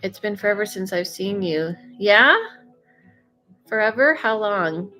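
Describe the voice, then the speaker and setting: A woman's voice: medium pitch, expressive, a little slow, pushed and bright. Woman, livestream medium host, chatty, upbeat, um-filled, slightly stuffy, faint music behind. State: slightly congested from allergies. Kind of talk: casual live-stream chat reading viewer comments. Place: home, Los Angeles.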